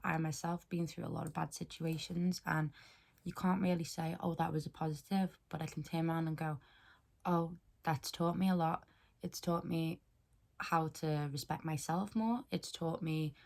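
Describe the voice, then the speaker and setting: A young woman with a low, gravelly voice speaks frankly and earnestly in a casual vlog. She gives encouraging everyday advice in a relaxed, chatty way, with a bit of mild swearing. Her tone stays grounded and sincere. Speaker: wellness vlogger.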